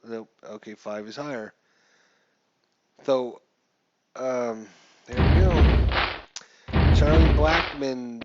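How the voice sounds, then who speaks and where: A man's voice: mid-range voice, a little mellow, dry recording, dull audio. A man giving casual gameplay commentary while playing a baseball simulation, chatty and thinking aloud as he checks the rules. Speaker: gamer playing a baseball sim.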